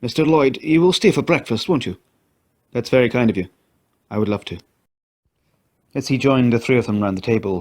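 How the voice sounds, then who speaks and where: A male storyteller reads a dramatic story aloud. His voice sits low and stays steady and measured from line to line. The narration is clear and deliberate. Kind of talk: scripted narration.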